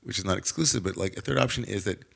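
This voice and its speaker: A man's voice: sits low, racing, creaky, fairly bright tone. An American man, a rabbi hosting a conversation, muses aloud and hedges with "like" and "you know". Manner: reflective, hedging with "like" and "you know". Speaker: rabbi and host. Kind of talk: conversational interview talk.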